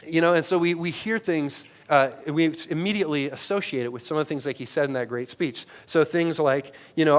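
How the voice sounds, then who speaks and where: A pastor in his thirties, voice pitched a little high for a man, preaches into a headset mic. He addresses the congregation conversationally, tagging many lines with "right?" to check in, and alternates loud, emphatic peaks with quiet, low asides. His pace is a little fast, with hardly any pauses.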